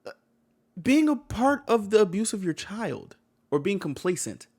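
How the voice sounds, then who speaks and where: A man's voice: high-pitched, big pitch swings, normal speed, dark tone. A man giving heated reaction commentary on a video, blunt and slangy, swearing and repeating himself.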